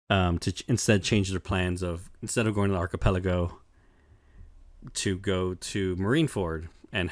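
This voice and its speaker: Relaxed lower-voiced male podcast co-host, swears and laughs freely, dry close sound. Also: no echo. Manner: loose and profane, laughs often, many fillers. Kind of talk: casual chat, recapping an anime.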